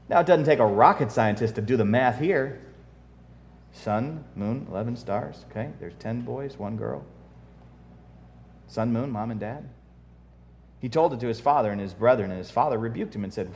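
A man preaching a sermon as pastor, folksy and joking, swinging from soft asides to loud emphatic repetition and reading scripture aloud. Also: medium pitch, normal speed, long pauses. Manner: folksy humor, reads King James scripture aloud.

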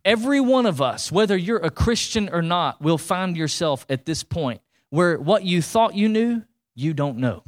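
Pastor, male, fairly high voice, casual lively sermon delivery that keeps checking in with the congregation. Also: normal speed. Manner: animated, colloquial preaching with rhetorical questions.

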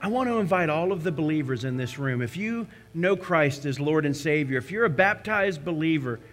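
A man preaching a communion sermon as a pastor, swinging between passionate cries and hushed prayer. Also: a little high, animated, brisk, soft background music. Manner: impassioned storytelling, rising to cries then hushing to prayer.

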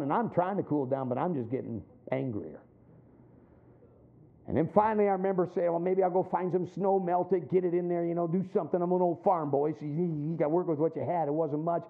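A middle-aged man preaching a sermon, telling a story with acted-out voices and dropping low and quiet for his points. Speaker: pastor. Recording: tinny phone-like sound.

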